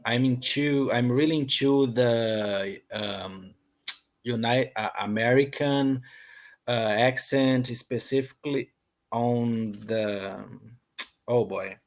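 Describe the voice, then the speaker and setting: A young Brazilian man with a Brazilian accent, a Portuguese speaker talking in English on a video call as a student, hesitant and full of fillers and restarts. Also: lowish voice. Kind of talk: online English lesson conversation. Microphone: computer headset or laptop mic on a video call.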